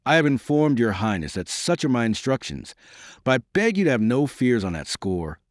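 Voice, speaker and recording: A male reader voicing a courteous, shrewd young baron who speaks in a measured, formal way. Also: medium pitch, big pitch swings, no room sound, studio quality, pitched above the performer's own voice, close to an everyday voice. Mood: courtly.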